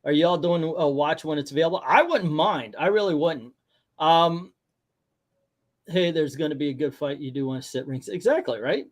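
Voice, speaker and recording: A man's voice: fairly high pitch, lively intonation, moderate pace. A man hosting a casual movie review chat, sarcastic and breaking into mocking voices for the characters.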